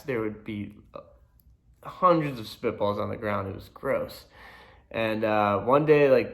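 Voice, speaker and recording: Chill young guy rambling through old school stories, lots of likes and ums. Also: mid-range voice. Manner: laid-back, rambling, many fillers. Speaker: storyteller. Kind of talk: casual storytelling to camera.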